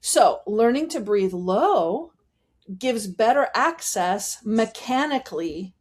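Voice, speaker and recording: A woman with a slightly higher voice speaks as a vocal coach in an interview. She explains voice technique in an animated way and demonstrates it as she goes. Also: takes it slowly.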